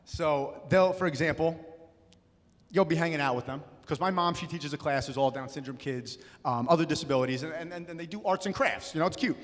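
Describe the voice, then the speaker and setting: A young man doing a stand-up comedy set, loud and punchy, slipping into acted-out voices. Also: a little high, a little fast. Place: comedy club stage. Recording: live room with long reverb.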